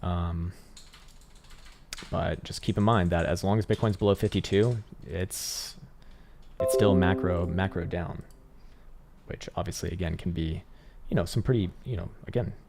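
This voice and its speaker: Deep-voiced male live-stream host, casual and profane, chatty with viewers; keyboard typing behind. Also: a little slow, vocal fry, pauses often, a little hiss or hum. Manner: laid-back, swears often, says "man" a lot, laughs loudly. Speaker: livestream crypto trading host.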